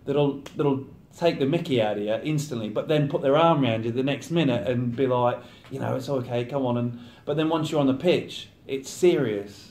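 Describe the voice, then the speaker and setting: Chatty footballer in a roomy space. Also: male voice, mid-range voice, moderate pace, few pauses, darkish tone. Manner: chatty, acts out teammates' banter. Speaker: professional footballer. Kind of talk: casual interview chat. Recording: roomy echo.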